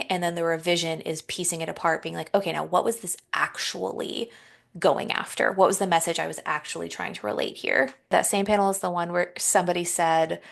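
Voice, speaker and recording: A woman's voice: fairly low pitch, gravelly. A woman co-hosting a writing podcast, chatting casually and enthusiastically about craft advice she loved. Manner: enthusiastic, affirming, many "um"s. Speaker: podcast co-host. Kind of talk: casual chat.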